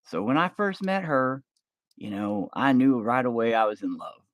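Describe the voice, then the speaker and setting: A man voicing a grumpy, blunt old grandfather who scolds the kids but has a soft side. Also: medium pitch, very animated, normal speed, no room sound, pitched above the performer's own voice, lightly acted. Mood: explaining. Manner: cranky, dismissive, then tender.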